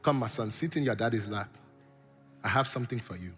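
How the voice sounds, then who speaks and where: A man voicing his warm, playful African immigrant father, speaking in slow, broken English with an African accent. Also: on the low side, soft background music, pitched below the performer's own voice, close to an everyday voice.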